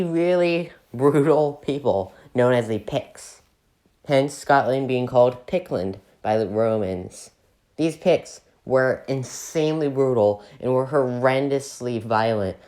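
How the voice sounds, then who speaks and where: A man hosting a comedic history video, narrating with jokey, deadpan asides. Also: mid-range voice. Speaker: video host.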